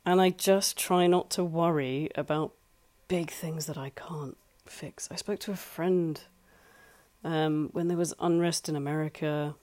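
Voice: mid-range voice, steady tone, unhurried, darkish tone. A life coach giving earnest, conversational advice from home, repeating points for emphasis. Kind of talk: solo advice talk. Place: home flat.

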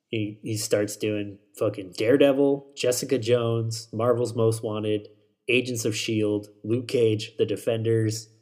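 A man hosting a solo podcast rambles casually about shows and movies, swearing and correcting himself as he goes. His voice is lowish with a darkish tone.

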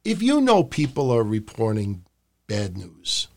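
A man hosting a wrestling review podcast, talking casually and rambling, swearing freely and dropping into shouted impressions. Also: medium pitch, huge pitch swings, a little slow, gravelly. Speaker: podcast host.

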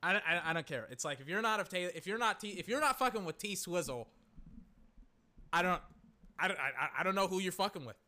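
A man chatting casually and excitably, rambling, swearing and exclaiming, his voice cracking. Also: high-pitched, quick pace. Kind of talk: casual chat.

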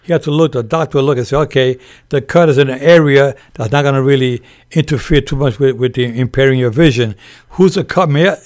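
An older man, a former boxer and referee, telling animated stories with laughter in an interview. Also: mid-range voice, brisk. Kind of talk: storytelling in a podcast interview.

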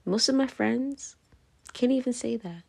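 A woman's voice: on the high side, measured pace, creaky, dark tone, husky. A tipsy woman hosting her own podcast, rambling loosely in a casual monologue and breaking off with "anyway, moving on" as she laughs and slips into whispers. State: tipsy, drunk. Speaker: podcast host.

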